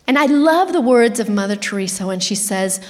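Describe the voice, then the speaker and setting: A woman's voice: medium pitch, animated, brisk. A woman preaching a sermon in an earnest, emphatic way, asking rhetorical questions. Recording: reverberant hall.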